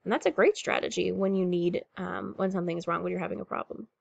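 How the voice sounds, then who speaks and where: A woman's voice: on the low side, steady tone, quick pace, no room sound, dull audio. A woman teacher reading a picture book aloud to pupils and explaining what the story shows. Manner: warm, clear classroom explaining.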